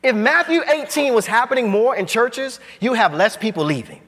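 A man preaching a sermon as pastor, emphatic and driving, his voice swinging high and low. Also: very animated, moderate pace, a bit bright, in a large hall. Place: church sanctuary.

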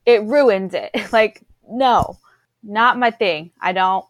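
A woman's voice: mid-range voice, slow. A woman co-hosting a casual chat, bubbly and chatty, laughing often. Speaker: podcast co-host.

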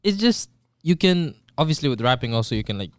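A man's voice: mid-range voice, sing-song, fast, clear, resonant tone, dry recording, clean studio sound. A man chatting casually as a guest on a podcast, easygoing and joking.

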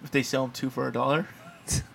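A man's voice: mid-range voice, little pitch movement, quick pace, vocal fry, fairly bright tone, slight background noise. A man co-hosting a podcast in casual chat, joking and cussing. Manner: profane, laughing, joking reactions. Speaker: podcast co-host.

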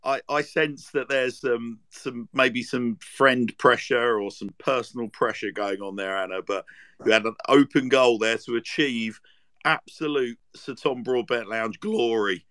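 A man's voice: mid-range voice, a little slow, a bit bright, no echo. Teasing man hosting a podcast. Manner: jokey, teasing, lots of fillers. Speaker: podcast host. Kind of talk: casual chat.

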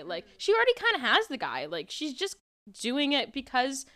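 Lively young woman chatting casually. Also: high voice, moderate pace. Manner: lots of filler likes, earnest and reflective. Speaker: podcast co-host. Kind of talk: casual chat.

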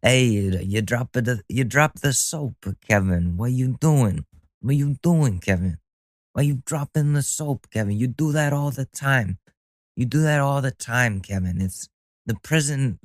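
A man's voice: medium pitch, no room sound, studio quality, pitched above the performer's own voice, lightly acted. A man voicing a crude, mocking male prison inmate in a put-on Italian New York accent, speaking in a taunting sing-song.

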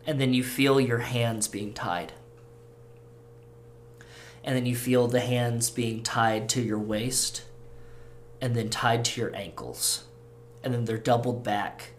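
A man as game master, narrating a tabletop role-play scene in a slow, halting, descriptive way. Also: mid-range voice, a little hiss or hum.

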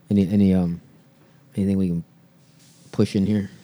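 A man's voice: low voice, level tone, normal speed, mellow. A man co-hosting a casual podcast, rambling and hesitant as he talks. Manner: rambling, hesitant, lots of fillers. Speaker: podcast co-host. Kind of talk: casual chat.

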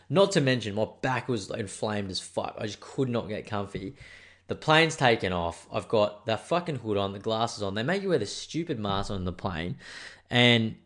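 A man's voice: mid-range voice, animated, normal speed, a bit bright. A man with an Australian accent telling a rambling, profane, self-mocking story in a casual monologue.

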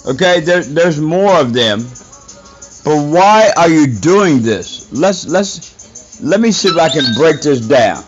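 A man's voice: on the high side, very animated, slow, husky. A man delivering an indignant, profane rant as a podcast host, scolding his listeners. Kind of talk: ranting monologue. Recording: dull lo-fi audio with faint music.

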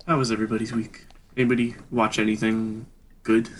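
A man co-hosting a film podcast in casual chat, playful and quick to laugh. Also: lowish voice, flat delivery, slight background noise. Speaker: podcast co-host.

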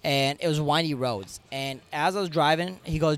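A man tells stories on a podcast at a rapid clip, swearing freely and keeping the energy up. His voice sits a little high, and his delivery stays animated and casual. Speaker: podcast guest, comedian. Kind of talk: casual storytelling.

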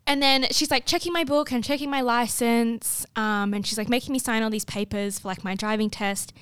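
A young Australian woman telling a story in a chatty, animated way, full of fillers. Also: on the high side, brisk, smooth, no echo. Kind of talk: casual storytelling chat.

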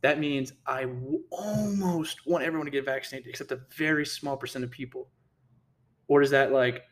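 A man's voice: medium pitch, normal speed. A man giving casual opinion commentary, heated and indignant, who often stumbles over his words and repeats himself. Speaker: political commentator.

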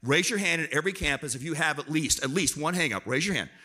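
A man preaching as a guest speaker to a church congregation, lively and self-deprecating, prompting the crowd to answer. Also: a little high, quick pace, husky. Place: church auditorium.

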